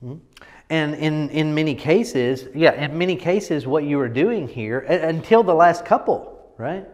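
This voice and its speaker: A man with a fairly high, slightly mellow voice coaches a group on presentation, speaking a little slowly with lively intonation in a big-sounding room. He's emphatic and casual, repeating himself and often checking in with "right?"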